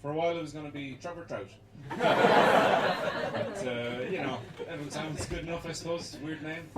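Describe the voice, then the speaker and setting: A young Irish man doing live stand-up in a small basement comedy room, rambling and chuckling through his jokes with sudden shouted bits. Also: on the high side, normal speed. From Ireland. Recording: echoey basement gig, distant mic, loud noise.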